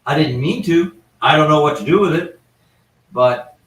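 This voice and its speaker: A man's voice: fairly high pitch, moderate pace, a little hiss or hum. A man, a paranormal investigator, telling anecdotes in a casual, rambling way with frequent restarts and asides. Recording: echoey room, far from the mic.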